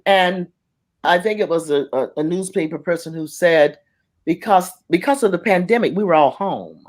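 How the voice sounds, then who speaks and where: A middle-aged speaker on a panel, voice sitting at an ordinary pitch for their sex and moving freely as they talk. The delivery is impassioned and storytelling, slipping into the voices of the people they quote. Words often break off and restart mid-thought. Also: moderate pace. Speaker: arts facilitator on a panel.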